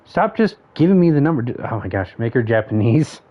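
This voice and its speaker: A man's voice: medium pitch, very animated, a little fast. A man streaming a game, chatting casually, thinking aloud and counting off options under his breath. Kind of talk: casual gameplay commentary. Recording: dull lo-fi stream audio.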